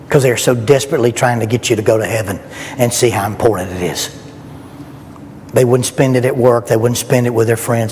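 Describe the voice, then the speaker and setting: A man's voice: mid-range voice, darkish tone. A middle-aged man preaching a sermon at a youth rally, earnest and emphatic, asking rhetorical questions. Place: church. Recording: long reverb in a church hall, faint background noise.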